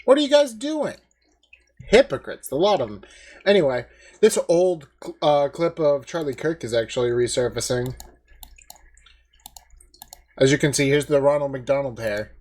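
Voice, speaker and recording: A man rants his way through commentary in a casual, mocking, indignant manner, padding his speech with fillers. His voice sits at an ordinary middle pitch. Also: normal speed, long pauses, a little mellow. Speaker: commentary video host.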